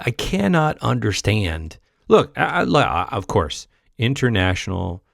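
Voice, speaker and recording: Exasperated, sarcastic male commentator, gravelly. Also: mid-range voice, no room sound, studio quality. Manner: sarcastic, exasperated, mocking impressions. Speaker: reaction commentator. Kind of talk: political reaction commentary.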